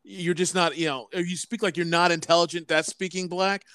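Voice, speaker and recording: A man rants in casual conversation, his voice smooth and resonant, recorded dry and close. His pitch sits a little high, and his delivery is blunt and profane. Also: steady tone, moderate pace, a bit bright, dry recording. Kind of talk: casual podcast chat.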